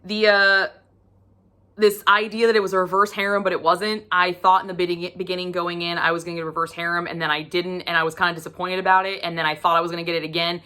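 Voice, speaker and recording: A woman's voice: lowish voice, little pitch movement, quick pace, pushed and bright. A woman giving a casual book review vlog, emphatic and profane, acting out her own reactions.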